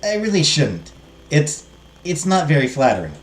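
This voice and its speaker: A man's voice: on the high side, huge pitch swings, moderate pace, reverberant, pitched above the performer's own voice. A man doing a nervous, stammering teen boy. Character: nervous, timid teenage boy.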